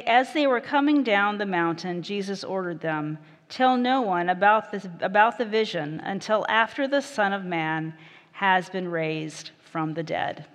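A woman pastor reads scripture and preaches at a measured, gentle pace. Her voice sits in a middle register. A long reverb from the church hall trails behind each phrase. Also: mid-range voice. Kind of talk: scripture reading and sermon.

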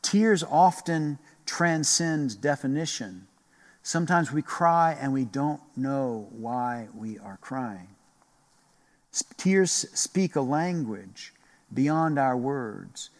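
A man preaching a sermon in a slow, reflective way, repeating phrases and pausing often. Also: mid-range voice, expressive, long reverb tail. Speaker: pastor.

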